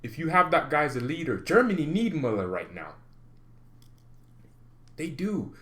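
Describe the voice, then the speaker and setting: Excitable young man hosting a fan vlog. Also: a little high, moderate pace. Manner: excitable, animated, laughs often. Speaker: football channel host. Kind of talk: casual fan commentary vlog.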